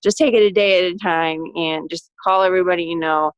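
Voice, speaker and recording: A woman's voice: lowish voice, fairly even intonation, a little fast, clear, resonant tone, no room sound, dull audio. A woman giving an earnest testimonial on a group call, often repeating herself and restarting her sentences. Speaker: team member giving a testimonial.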